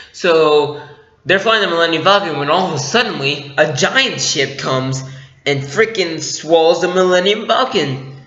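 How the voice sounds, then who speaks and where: Excitable, lively young man. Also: on the high side. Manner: excitable, chatty, laughs often. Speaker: movie reviewer. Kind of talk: casual vlog review. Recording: echoey room, dull lo-fi sound.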